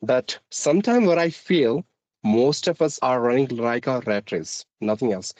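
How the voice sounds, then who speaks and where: A man's voice: mid-range voice, lively intonation, measured pace, darkish tone, dry recording. A man from India, an English teacher, speaking with an Indian accent mixed with American and British tones, polite and formal. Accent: Indian English with a mixed American-British lilt. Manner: polite and formal, often says ma'am. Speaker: guest, English teacher on YouTube. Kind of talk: conversational interview.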